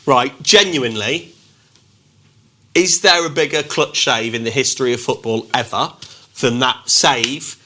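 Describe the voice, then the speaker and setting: A man's voice: medium pitch, a little slow, bright, forceful tone, a little hiss or hum. A man co-hosting a casual football chat, joking around and asking questions. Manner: chatty, joking, asks questions. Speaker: co-host.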